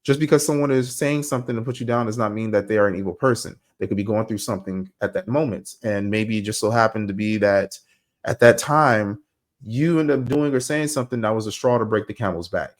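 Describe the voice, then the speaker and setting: A young man hosting a podcast, talking casually and telling stories in a slangy, animated way. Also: lowish voice, brisk. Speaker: podcast host. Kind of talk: casual monologue.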